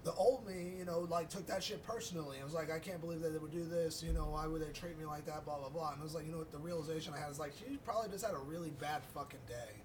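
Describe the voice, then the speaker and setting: A man's voice: rapid-fire, few pauses, crowd noise. A man in casual podcast chat, talking in a loose, reflective way with many fillers. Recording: noisy with low rumble, distant from mic.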